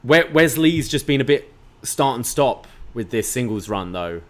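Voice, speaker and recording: A man co-hosting a podcast, walking through a wrestling show move by move in a relaxed, chatty way. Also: medium pitch, normal speed. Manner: play-by-play retelling with fillers. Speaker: podcast co-host. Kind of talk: casual wrestling recap.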